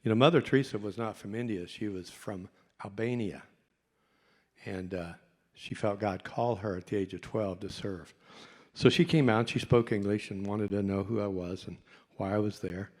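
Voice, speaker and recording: Speaking to a convention audience, a middle-aged doctor tells a folksy story that pokes fun at himself. His voice is fairly low and darkish, at a normal speed, and a long hall reverb fills the convention hall recording.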